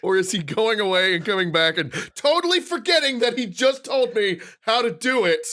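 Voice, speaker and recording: A man in his thirties co-hosts a podcast, speaking at normal speed in a voice that sits high. In a casual rant, he's an animated storyteller who spins a long tale packed with acted-out quotes.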